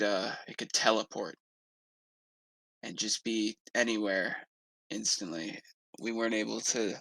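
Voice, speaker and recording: A man's voice: lowish voice, pushed and bright, no room sound, heavily acted, rough recording. A man playing a somber protective adventurer. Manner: slow, halting in-character storytelling. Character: grieving male adventurer, steady and protective. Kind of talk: tabletop role-play in character.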